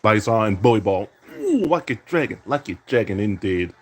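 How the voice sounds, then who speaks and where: Low-voiced man trash-talking over a game. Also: sing-song, normal speed. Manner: trash-talking, teasing opponent; catchphrase-heavy, repeating "indeed". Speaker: gamer playing basketball game. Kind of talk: self-commentary while gaming.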